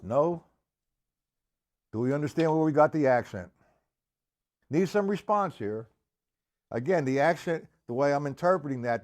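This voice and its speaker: A man teaching a live-streamed drum lesson, counting beats aloud and asking viewers to respond. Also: a little high.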